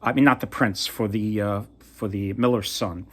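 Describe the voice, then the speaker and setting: A man casually retelling a fairy tale from memory, halting and often trailing off to restart. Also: lowish voice, steady tone. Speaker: storyteller.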